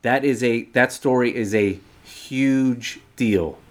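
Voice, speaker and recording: A man's voice: mid-range voice, takes it slowly. A man co-hosting a podcast in casual chat, explaining a point at length and restarting sentences as he thinks aloud. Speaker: podcast co-host.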